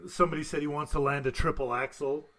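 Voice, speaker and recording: A man's voice: a little high, fairly even intonation, quick pace, a crowd in the background. A man hosting a casual podcast chat, rambling and stumbling over his words, laughing often. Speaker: podcast host.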